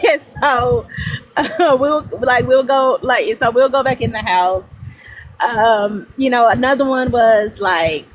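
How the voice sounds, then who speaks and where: A lively woman in her thirties with a fairly high voice, telling stories in a loose, rambling way and breaking into laughter. Her delivery is casual and animated, with a faint hiss behind her. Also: measured pace, poor audio. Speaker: guest. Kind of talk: casual storytelling on a livestream.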